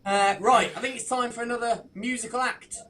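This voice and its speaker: A man's voice: extremely high pitch, steady tone, brisk, a loud crowd. A man co-hosting a live stream, joking drily with his co-host. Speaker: quiz co-host.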